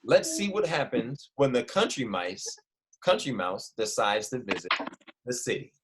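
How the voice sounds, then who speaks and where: Lively male teacher reading aloud. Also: mid-range voice, a little slow, heavy background noise. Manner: lively, asks the children questions. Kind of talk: reading a story aloud to children.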